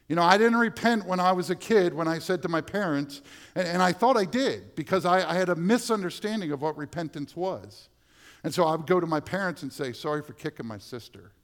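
Emphatic male pastor preaching. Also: high-pitched. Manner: preaching with swings from hushed to loud and emphatic. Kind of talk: sermon.

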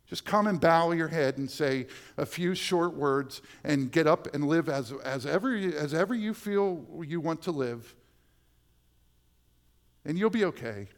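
A man preaching a sermon as pastor, swinging from hushed, slow lines to loud, emphatic ones. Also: on the high side.

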